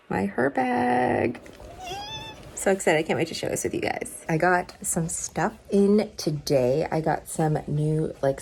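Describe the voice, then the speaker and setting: A woman's voice: on the low side, creaky, darkish tone, slight background noise. A woman vlogger chatting casually to her phone camera from her car and her home, with lots of "like" fillers. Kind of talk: casual vlog chat.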